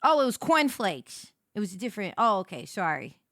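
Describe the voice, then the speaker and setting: Giggly woman streamer, animated, dry sound. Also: mid-range voice, normal speed, no echo. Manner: giggly, rambling, playful. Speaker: livestreamer. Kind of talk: casual stream chat.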